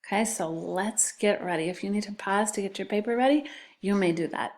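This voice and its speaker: A woman's voice: medium pitch, a little fast, darkish tone. A woman teacher giving a recorded spelling lesson to children, patiently sounding out letters and syllables.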